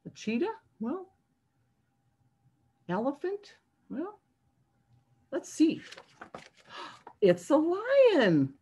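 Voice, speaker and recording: A children's librarian reading a picture book aloud to young children over a video call, sing-song and animated, stopping to ask the kids questions. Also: female voice, high voice, drawn-out words, long pauses.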